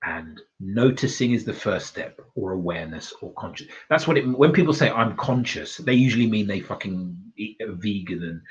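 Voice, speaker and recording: A man giving a casual self-development talk, blunt and swearing freely, laughing at his own points. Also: low-pitched. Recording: dull lo-fi recording.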